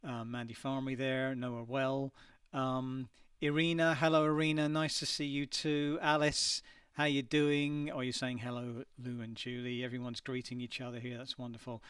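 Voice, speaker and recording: A man's voice: medium pitch, level tone, normal speed, fairly bright tone, clean tone, no echo, distant mic. Chatty man a little off-mic in a dry studio. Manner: chatty, hesitant, many ums. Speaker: singer hosting a live stream. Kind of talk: casual livestream chat reading viewer messages. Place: his home studio.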